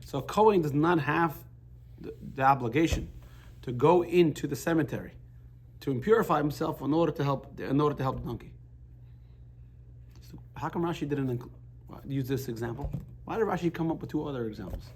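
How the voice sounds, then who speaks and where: A man teaching a Torah class in a chatty, halting way, telling jokes and restarting his sentences. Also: a little high, darkish tone, breathy edge.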